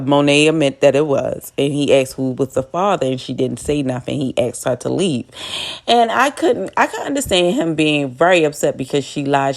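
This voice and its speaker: A woman's voice: deep voice, a little mellow. A woman hosting a casual TV recap, blunt and profane, laughing often as she talks. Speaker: TV recap host.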